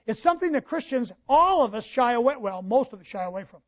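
In a dull, lo-fi church recording, a male pastor delivers a sermon, quoting scripture, explaining it to his congregation and adding asides. His very high-pitched voice swings widely in pitch and moves at a quick pace.

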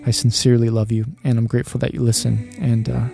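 A man's voice: mid-range voice, level tone, quick pace, gravelly, dark tone, faint music behind. A man in his thirties hosting a faith podcast for dads, talking in an earnest, rambling way and dropping "man" often. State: choked up, emotional. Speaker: podcast host. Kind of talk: heartfelt podcast monologue.

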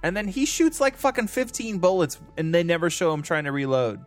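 A man's voice: high-pitched, very animated, brisk, faint music behind. A man co-hosting a casual movie podcast, poking holes in the plot with dry sarcasm. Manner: critical, nitpicking, sarcastic. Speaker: podcast co-host. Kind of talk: casual movie-discussion banter.

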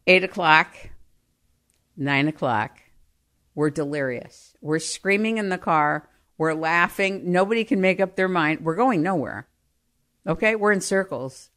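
A woman telling comic family stories in an animated, exaggerated way, often breaking into laughter. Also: on the low side, unhurried. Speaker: storyteller. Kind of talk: comic personal storytelling.

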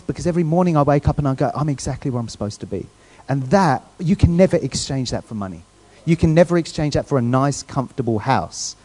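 A man preaching a sermon in a church in a relaxed, conversational way, often checking in with the congregation. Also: fairly high pitch. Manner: conversational, asks the crowd questions, restarts often. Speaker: guest preacher.

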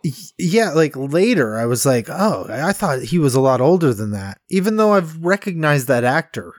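Man, fairly high voice, casual movie chat, rambling, laughs a lot, dry recording. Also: very animated, moderate pace, dry recording. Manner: rambling, laughs often, acts out quotes. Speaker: podcast co-host.

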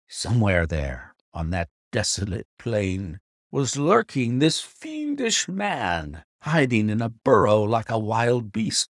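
A man reading a classic novel aloud as an audiobook narrator, in measured, expressive storytelling. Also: fairly low pitch, no echo, clean studio sound. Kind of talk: scripted narration.

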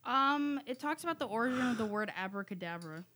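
A woman's voice: fairly high pitch, expressive, fast talker, bright, forceful tone. A woman reading tarot cards aloud in a casual chat, careful and a bit hesitant. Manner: reads card text carefully, hesitant. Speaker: tarot card reader. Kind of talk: casual chat among friends.

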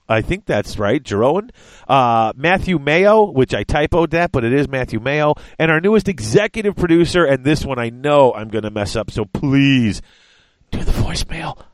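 A man's voice: mid-range voice, no room sound. A man hosting a podcast in casual chat, rambling and stumbling over names. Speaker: podcast host.

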